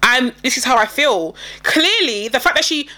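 A woman's voice: high voice, animated, moderate pace, pushed and bright. A woman from England in casual chat, telling a story animatedly and acting out both sides of an argument.

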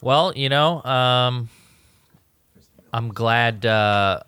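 Bright, crisp-voiced man hosting a podcast. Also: mid-range voice, no echo. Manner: halting, filler-heavy, self-correcting. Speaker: podcast co-host. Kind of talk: casual podcast chat.

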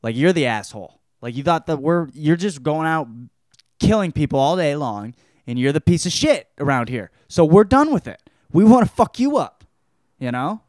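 Here is a blunt female vampire spy with casual, crude talk, as a man voices her. The voice is smooth and resonant. It is recorded in a dry space. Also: a little high, animated, moderate pace, no echo, close to an everyday voice.

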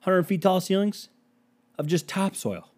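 A man's voice: high voice, a little slow, darkish tone. Exasperated profane storytelling man. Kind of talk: storytime rant.

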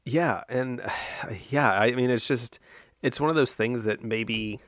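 A man's voice: mid-range voice, slow, a bit bright, no echo, studio quality. A man co-hosting a casual history podcast, explaining at length and thinking aloud with fillers and restarts. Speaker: podcast co-host.

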